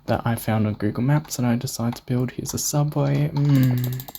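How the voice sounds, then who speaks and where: A man's voice: medium pitch, fairly even intonation, moderate pace, vocal fry, mellow, slight background noise. A young Australian man casually narrating a tour of his game build, rambling, swearing and mocking himself. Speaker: gamer showing a build.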